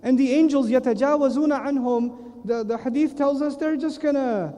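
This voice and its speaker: A man's voice: extremely high pitch, very fast. A man giving a humorous religious lecture, telling stories animatedly and acting out voices. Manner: animated storytelling, acts out voices. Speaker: Islamic lecturer. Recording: echoey lecture hall.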